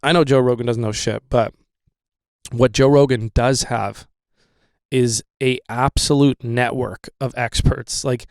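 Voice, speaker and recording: Young man, casual podcast host, rambling, profane, smooth clear voice, mid pitch, dry close mic. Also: fairly even intonation, unhurried, no room sound. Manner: rambling, profane, with many fillers.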